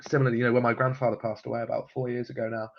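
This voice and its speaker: Man, live-stream host, casual comment-reading chat, frequent ums and chuckles, medium pitch, muffled lo-fi audio. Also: level tone, very fast, creaky.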